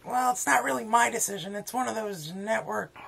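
Gravelly, high-voiced pompous host. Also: male voice, brisk, pushed and bright. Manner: pompous, rambling, self-important. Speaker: comedy vlog host. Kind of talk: mock-solemn comedy monologue.

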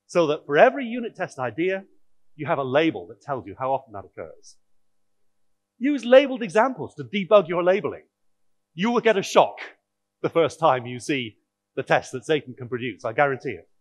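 Lively high-pitched male conference speaker. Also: no room sound. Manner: wry, explanatory, audience-directed. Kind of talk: technical conference talk.

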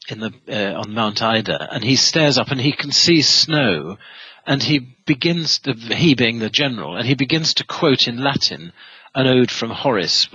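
A man's voice: mid-range voice, pushed and bright, husky, no room sound, muffled recording. A man answers an interview question, telling a long story with frequent fillers and restarts. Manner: rambling, many restarts and fillers. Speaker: historian guest.

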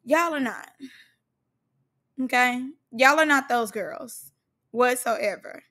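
A woman's voice: fairly high pitch, slow pace. A young woman giving a sassy, shady recap of a reality show, mocking the cast. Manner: sassy, shady, animated, mocks cast members in put-on voices.

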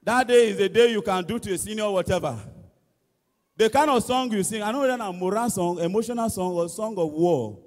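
A Nigerian man tells stand-up comedy with lively, animated delivery in a very high voice. His voice rings out with a long echo through a large church hall. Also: fairly quick. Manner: animated, mimics school songs and shouts. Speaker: comedian contestant. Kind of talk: stand-up comedy in Pidgin and English.

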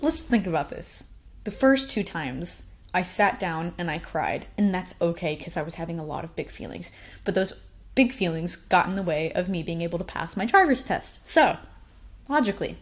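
A young woman telling a personal story at a conference, chatty and self-deprecating, often laughing. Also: lowish voice. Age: young adult. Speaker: conference speaker.

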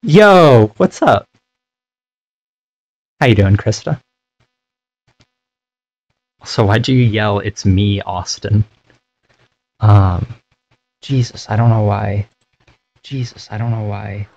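A man's voice: fairly low pitch, lively intonation, drawn-out words, long pauses, darkish tone, no room sound, muffled recording, faint music behind. A young man streaming for the first time, chatting casually and apologetically while setting up, on a cheap microphone. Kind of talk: casual chat. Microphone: cheap desk microphone.

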